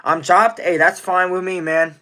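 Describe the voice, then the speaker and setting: Excitable young male live streamer. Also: sits high. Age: young adult. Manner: excitable, gives rapid shout-outs to donors; chatty, answers viewer questions one by one. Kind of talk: casual live-stream chat.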